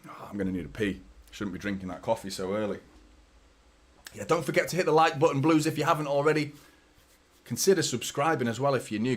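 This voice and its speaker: Chatty fan host with light Mancunian accent. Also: male voice, medium pitch. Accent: light Mancunian, mostly neutral. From Manchester, England. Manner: chatty, rambling, bursts of excitement at chances. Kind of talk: live match commentary and casual chat.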